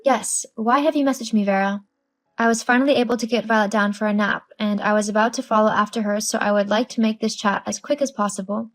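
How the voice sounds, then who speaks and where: A woman's voice: medium pitch, steady tone, fast, lightly acted. A woman voicing a tired young new mother who answers with dry sarcasm in a scripted story.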